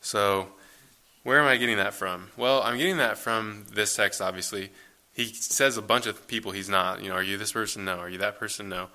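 A man with a very bright, sharp tone and a fairly low voice gives a sermon. He reads scripture and then talks it through in a casual, conversational way, with plenty of fillers. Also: moderate pace. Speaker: preacher.

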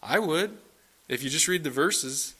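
A middle-aged man preaching a sermon in an earnest, questioning way. His voice is bright and forward, and at moments of emphasis it climbs to excited peaks. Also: on the high side, measured pace, slightly rough.

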